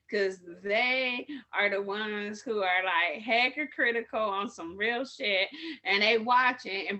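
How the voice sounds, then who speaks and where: Speaking in a sharp voice on the high side, a woman informally trains community medics. Her talk is full of street stories told in casual slang, and she tends to ramble and correct herself.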